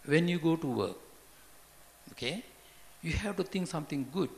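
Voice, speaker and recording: A man giving an informal Buddhist talk, halting and repetitive, often asking his listeners questions. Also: a little high, lively intonation, gravelly. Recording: long hall reverb, faint background noise.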